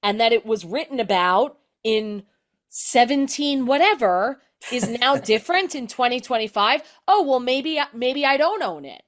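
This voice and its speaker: Animated woman telling stories. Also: fairly high pitch, measured pace. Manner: animated, explanatory, filler-heavy with "like". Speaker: guest comedian. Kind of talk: conversational storytelling.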